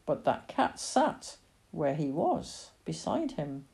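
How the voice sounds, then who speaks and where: A woman narrating a storybook in a mellow, low voice. Her reading is expressive, with a wide, lively pitch swing. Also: slow pace, vocal fry. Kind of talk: audiobook reading.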